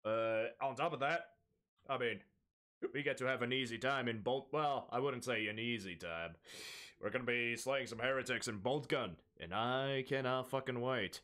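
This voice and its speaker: A man's voice: mid-range voice, normal speed, sharp tone. Rambling, laughing young male streamer. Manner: rambling, laughs often, self-mocking. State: hyped on energy drink. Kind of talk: casual stream chat.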